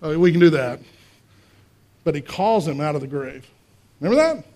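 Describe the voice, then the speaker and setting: A male pastor preaching a conversational sermon, asking the congregation questions and swinging between quiet and loud. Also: fairly high pitch, normal speed. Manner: acts out voices in quotes, swings from quiet to loud.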